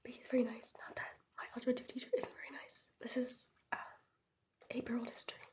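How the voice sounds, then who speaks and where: A teenage girl tells a long, rambling story in a soft ASMR whisper, a little high in pitch. She is sick and her sore throat leaves the voice frail. Keyboard tapping runs underneath. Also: level tone, fast talker. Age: teens. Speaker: ASMR creator.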